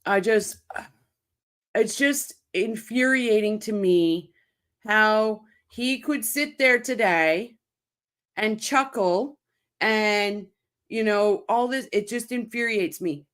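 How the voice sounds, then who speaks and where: A furious woman host vents to her live chat, swearing and circling back over her words in short bursts. She talks slowly and deliberately, her voice sitting at a middle pitch. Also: a bit bright. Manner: heated, swearing, speaks in short repeated bursts. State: angry and upset. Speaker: channel host reacting to a court case. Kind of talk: livestream commentary, reading chat.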